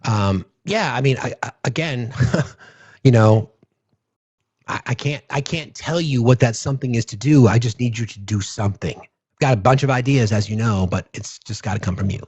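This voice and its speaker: A man's voice: mid-range voice, normal speed, a little mellow, breathy edge, no echo. Man ranting passionately on a call-in show. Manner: impassioned, profane, ranting. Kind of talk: political call-in talk. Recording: dull, lo-fi, dry.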